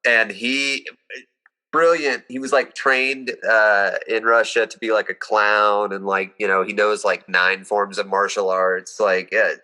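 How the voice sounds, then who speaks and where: Young man, lowish voice, bright tone, animated storyteller, casual chat. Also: a little slow. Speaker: guest actor.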